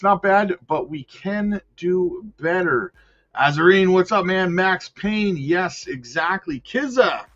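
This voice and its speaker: A man's voice: on the high side, fairly bright tone. A man hosting a casual crypto livestream, upbeat, reading out comments and greeting viewers by name. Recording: dull lo-fi sound with faint music.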